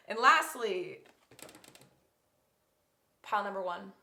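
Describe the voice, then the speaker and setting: A woman's voice: mid-range voice, unhurried, long pauses, bright, forceful tone, roomy sound. A woman giving a pick-a-card tarot reading, talking straight to her viewers in an emotional, effusive way. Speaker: tarot reader.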